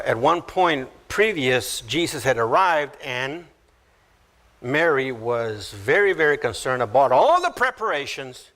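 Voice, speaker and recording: A man preaching a sermon as pastor, unhurried and teaching verse by verse, animated as he acts out quoted voices. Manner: animated, acts out quoted voices with sudden high pitch jumps.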